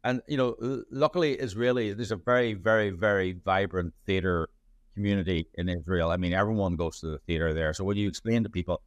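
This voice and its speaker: A man's voice: sits low, steady tone, fairly quick, dry recording, highs cut off. A man, a journalist answering interview questions in a rambling way, full of restarts and fillers. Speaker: journalist and playwright.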